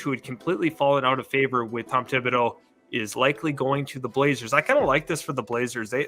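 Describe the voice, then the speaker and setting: A man's voice: mid-range voice, sharp tone. A man co-hosting a live basketball stream, analyzing a breaking trade and thinking aloud. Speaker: co-host. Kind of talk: live sports talk.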